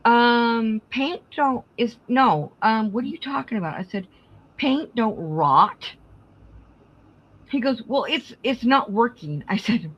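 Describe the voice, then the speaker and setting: A woman's voice: on the high side, dull audio. A middle-aged woman hosting a craft live stream, casually telling family stories and acting out the dialogue. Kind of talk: casual storytelling chat.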